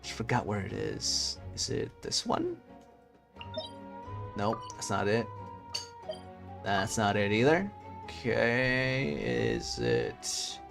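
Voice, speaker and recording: A man's voice: fairly low pitch, very animated, slow, gravelly, long pauses, music in the background. A man streaming a video game, chatting casually with his viewers and muttering to himself as he searches through menus. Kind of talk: casual gameplay chat.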